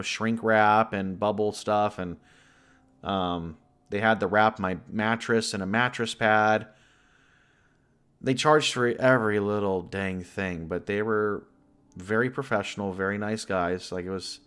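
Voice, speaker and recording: A man's voice: on the low side, a bit bright. A man from the US West Coast, chatting casually as a livestream host, rambling and greeting viewers by name. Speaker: livestream host and horror story narrator.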